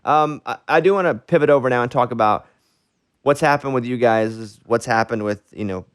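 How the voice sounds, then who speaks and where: A man's voice: mid-range voice, fairly quick, clear, resonant tone, no echo, clean studio sound. A man hosting a podcast interview in a joking, teasing way. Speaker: podcast host. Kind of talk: casual interview chat.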